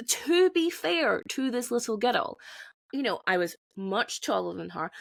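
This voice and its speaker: A woman's voice: medium pitch, no echo. A woman hosting her podcast alone, talking candidly, swearing freely and restarting her sentences often. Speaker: podcast host. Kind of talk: candid solo podcast monologue.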